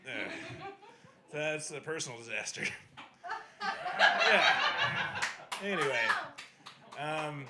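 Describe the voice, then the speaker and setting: A man's voice: fairly high pitch, animated, takes it slowly, long pauses, heavy background noise. Rambling young male comedy host. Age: young adult. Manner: rambling, full of fillers. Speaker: host of a comedy open mic. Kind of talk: stand-up hosting. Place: small comedy venue.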